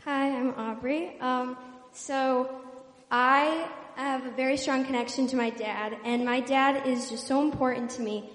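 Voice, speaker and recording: A woman's voice: sits high, steady tone, measured pace, reverberant, big-room sound. A young woman sharing a personal story in an earnest, casual way, with many fillers. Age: young adult. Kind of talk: personal testimony.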